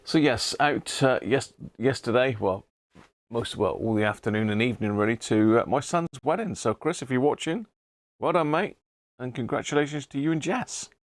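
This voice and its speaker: Gravelly British man chatting on a live stream. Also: mid-range voice, expressive, normal speed, no echo, studio quality. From Britain. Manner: chatty, greets viewers by name, chuckles often. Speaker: live-stream host, radio restorer. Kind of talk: casual live-stream chat.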